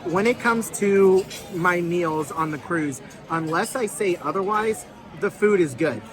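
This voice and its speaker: A man's voice: sits high, measured pace. A man vlogging casually to camera aboard a cruise ship, chatty and upbeat, talking straight to his viewers. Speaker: cruise vlogger, channel host. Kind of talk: casual vlog narration to camera. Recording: busy ship venues with music and crowd chatter behind.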